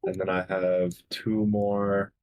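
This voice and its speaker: Male player, deep voice, plain matter-of-fact delivery. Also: little pitch movement, takes it slowly, dull audio. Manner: matter-of-fact, asks rules questions. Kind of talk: casual game chat.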